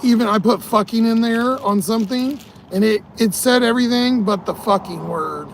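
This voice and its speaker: A man's voice: very high voice, moderate pace, gravelly, a little hiss or hum. A tired man vlogging in a casual, rambling way, swearing often and laughing at his own stories. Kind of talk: casual rambling vlog talk.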